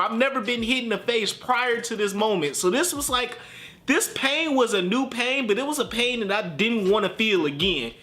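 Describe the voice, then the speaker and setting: A young man tells a storytime vlog story in an animated, slangy, self-mocking way. His voice sits high and bright and swings widely. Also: moderate pace. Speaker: vlog host. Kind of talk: storytime narration.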